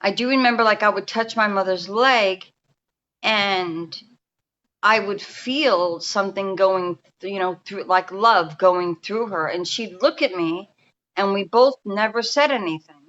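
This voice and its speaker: Bright-voiced New woman in her fifties. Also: mid-range voice, measured pace, lo-fi sound. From New York. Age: 50s. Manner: rambling, restarts often, speaks in a confiding way. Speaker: guest energy healer. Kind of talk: casual storytelling interview. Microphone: remote call.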